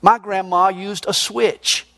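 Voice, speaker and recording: High-voiced preacher. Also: male voice, steady tone, slow pace, gravelly. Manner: emphatic preaching, swings between loud and low. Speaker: pastor. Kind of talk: sermon.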